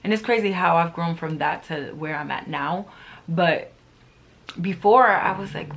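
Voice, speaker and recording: A woman's voice: fairly low pitch, normal speed. A middle-aged woman vlogger talking casually and earnestly to her viewers, driving points home by repeating them. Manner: earnest, emphatic, repeats phrases for emphasis. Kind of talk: casual motivational talk to camera.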